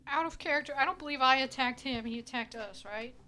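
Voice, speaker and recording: Hesitant woman player, bright and slightly high, faint music behind. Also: fast talker, a little hiss or hum. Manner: hesitant, out-of-character asides. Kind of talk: casual tabletop chat.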